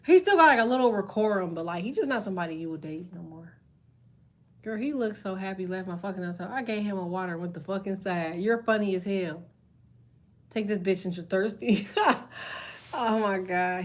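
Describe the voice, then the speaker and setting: A woman with a medium-pitched, expressive voice talks a little fast while reading tarot on a live stream. She reacts to viewer comments in casual chat, swearing freely, cracking jokes, and laughing often.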